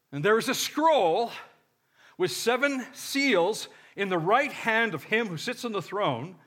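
A man's voice: high-pitched, fairly bright tone. A man preaching a sermon, reading scripture with joking asides and leading the congregation in call-and-response. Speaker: pastor.

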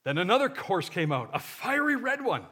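Male pastor, sermon, animated delivery, bright tone, playful asides, call-and-response. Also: high-pitched, normal speed, breathy edge. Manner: lively, joking asides; leads congregation call-and-response.

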